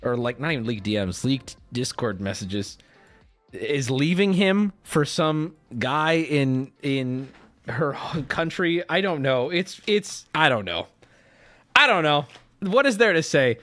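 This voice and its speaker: Guy streamer rambling and cussing, pretty high voice, jumps all over. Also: a little slow, soft background music. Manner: rambling, profane, animated. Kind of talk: casual live-stream chat.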